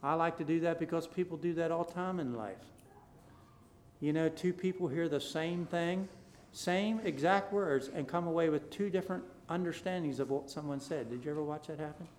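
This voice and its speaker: A man preaching from the pulpit in a voice pitched a little above the usual. He reads scripture in a rising, forceful cadence, then drops into quiet, low asides before building back to loud, repeated declarations. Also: normal speed, slight background noise. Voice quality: King James scripture read aloud in a rising, forceful cadence. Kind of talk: sermon with scripture reading.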